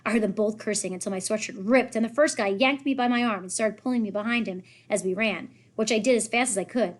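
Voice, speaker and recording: A woman reads a children's novel aloud in a lively way. She lifts her voice when the characters speak. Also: medium pitch, fast. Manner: lively, raises voice for characters' lines. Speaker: reader.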